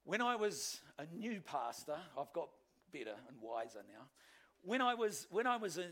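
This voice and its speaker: A male pastor, preaching a sermon with animated, self-deprecating storytelling. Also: on the high side, moderate pace.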